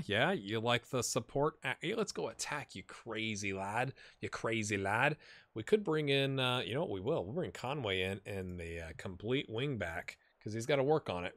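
A man's voice: medium pitch, a bit bright, no echo. A man hosting a gaming video, giving rambling, chatty commentary with jokey asides to the players. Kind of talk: casual gameplay commentary.

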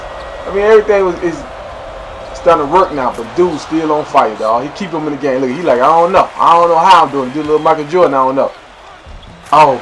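A man's voice: on the high side, background noise. A young man giving casual, slangy, playful commentary over his own gameplay, hyping up the plays. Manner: animated, slangy, playful hype.

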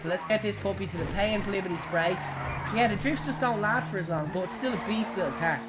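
A young Irish woman giving excitable, giggly live commentary while playing a driving game, shrieking at her crashes. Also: mid-range voice, fast, very noisy. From Ireland. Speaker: game streamer. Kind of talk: live gaming stream commentary.

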